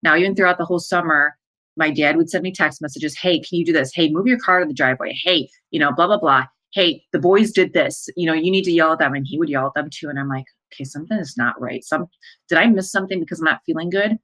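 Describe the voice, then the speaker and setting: Low-voiced woman telling a personal story. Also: quick pace, a bit bright, rough recording. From American Midwest. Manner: emotional, breathless retelling with quoted dialogue. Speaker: life coach and podcast host.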